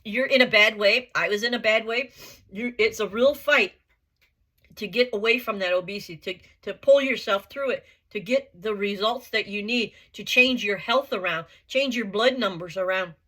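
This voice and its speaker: A woman's voice: mid-range voice, moderate pace, a bit bright. A woman giving an earnest motivational vlog monologue, blunt and emphatic, repeating her points and swearing casually. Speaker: vlogger.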